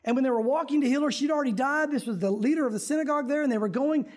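A man's voice: very high voice, rapid-fire. Conversational male pastor preaching. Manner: conversational, acts out prayers in dramatic voices. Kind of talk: sermon.

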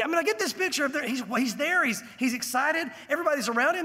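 Casting: male pastor, very high-pitched, husky, lively storytelling sermon in a church with a long reverb tail. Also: quick pace. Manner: animated storytelling, acting out voices in the scene.

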